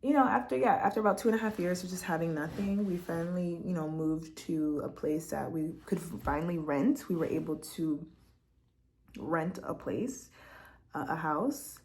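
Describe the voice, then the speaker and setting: A woman's voice: fairly low pitch, moderate pace, a little mellow. A young woman from Quebec, a vlogger sitting at home at her laptop, telling a personal testimony in a candid, heartfelt and chatty way. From Quebec, Canada.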